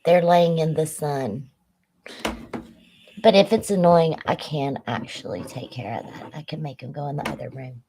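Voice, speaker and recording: A woman with a low, deep voice gives a relaxed spiritual tarot reading to camera from her home. She talks in a loose, chatty way and drifts easily into asides. A faint noise sits under the recording. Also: normal speed. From Louisiana. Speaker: tarot reader and psychic. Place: home room with dogs nearby.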